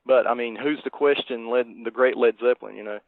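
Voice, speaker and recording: A man's voice: medium pitch, steady tone, fairly quick, vocal fry, dry recording. A man cohosting a podcast in casual chat, speaking in a meandering, hesitant way. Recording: dry, tinny phone-like line.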